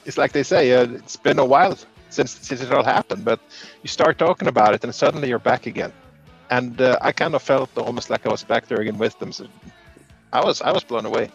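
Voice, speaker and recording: A man's voice: medium pitch, fairly quick, creaky, breathy edge, faint music behind. Hesitant man co-hosting a podcast. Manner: hesitant, joking. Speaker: podcast co-host. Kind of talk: casual chat. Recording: dull lo-fi sound.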